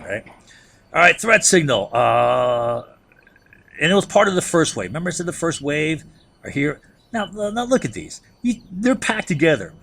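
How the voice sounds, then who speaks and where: Gravelly-voiced man lecturing on history. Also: fairly high pitch, sharp tone. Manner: keeps checking in with rhetorical "right?"; restarts and repeats words as he thinks aloud. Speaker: history teacher. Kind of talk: conversational lecture.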